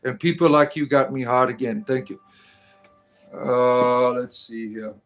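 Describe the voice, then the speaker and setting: A man's voice: mid-range voice, steady tone, measured pace, soft background music. A man hosting a livestream, reading chat aloud and answering with crude, sarcastic humor and preachy rants.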